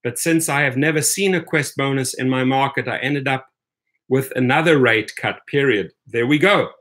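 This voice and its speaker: Hosting a rideshare channel live stream, this man from Washington, D.C., USA, speaks at a moderate pace in a mid-range, fairly bright voice. He delivers emphatic commentary while reading chat, repeatedly adding "right?" and addressing viewers as "my friends".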